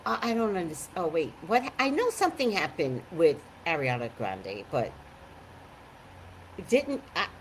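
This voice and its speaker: A woman psychic chatting on a live stream, greeting viewers by name and giving her blunt, animated opinions. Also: fairly low pitch, moderate pace, slight background noise, rough recording.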